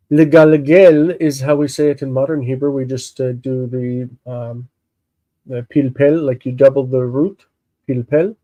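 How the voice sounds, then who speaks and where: A man with congested sinuses, slowly explaining a Bible text in a live lesson, halting and thinking aloud with many fillers. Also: mid-range voice, warm tone, no echo, low-quality recording. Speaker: Hebrew teacher.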